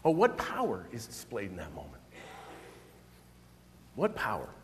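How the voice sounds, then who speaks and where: A man's voice: on the low side, a little slow, long reverb tail, a little hiss or hum. A man preaching a sermon as pastor, speaking expressively and with emphasis. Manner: expressive, emphatic, acts out quoted voices.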